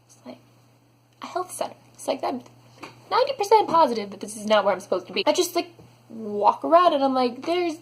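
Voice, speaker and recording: A young woman telling a storytime vlog, animated and dramatic, saying "like" a lot. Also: sits high, quick pace, slightly rough. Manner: animated, dramatic, heavy use of "like". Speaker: vlogger.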